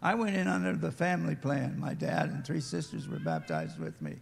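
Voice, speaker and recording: A man's voice: on the high side, animated, brisk, creaky, long reverb tail, a little hiss or hum. A man in his seventies from West Virginia, telling a folksy, humorous testimony at a church service. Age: 70s. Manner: homespun, humorous storytelling. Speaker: missionary. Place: church sanctuary.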